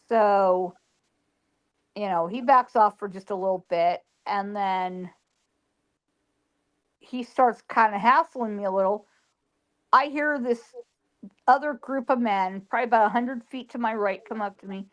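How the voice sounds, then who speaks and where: Animated middle-aged woman telling ghost stories. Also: fairly high pitch, unhurried, noisy background. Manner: animated, dramatic retelling with sound effects. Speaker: guest psychic. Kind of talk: casual storytelling on a podcast.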